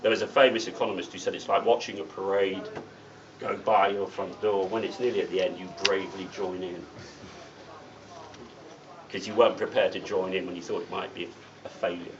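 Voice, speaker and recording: A man's voice: sits low, fairly even intonation, brisk. A middle-aged man giving a political speech at a meeting, blunt and anecdotal with sardonic asides. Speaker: guest speaker at a political meeting. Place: meeting room. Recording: distant mic, dull sound, faint hiss.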